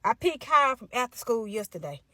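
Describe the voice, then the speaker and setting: A woman telling a comic story in an animated, sassy, exasperated way. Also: fairly high pitch, brisk, no room sound, clean studio sound. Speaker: comedic storyteller.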